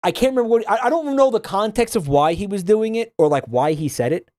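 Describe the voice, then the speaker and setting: Male streamer, lively swooping voice, laughs a lot, close dry mic. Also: high-pitched, fast, few pauses, no room sound. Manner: animated, laughs often, swears freely. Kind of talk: casual chat reacting to a game.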